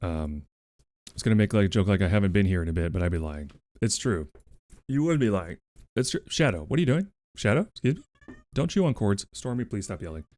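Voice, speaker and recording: A man chatting on a livestream in a lowish voice that swings up and down a lot. He is playful, swears casually and coos at his pets. The sound is dry and close, with no room echo. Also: animated, fast talker, a little mellow. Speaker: streamer.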